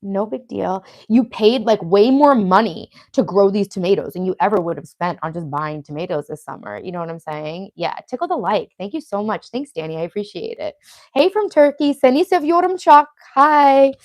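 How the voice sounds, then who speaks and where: A woman's voice: fairly low pitch, a little fast, hardly any pauses, darkish tone, no room sound. A woman in her late thirties with a Long Island accent, hosting a casual live stream, chatty and profane as she reads out viewer comments. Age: 30s. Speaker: livestream host.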